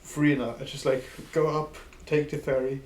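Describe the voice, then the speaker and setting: A man co-hosting a podcast, telling a story in relaxed, halting casual chat. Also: mid-range voice. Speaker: podcast co-host. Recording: echoey room with faint noise.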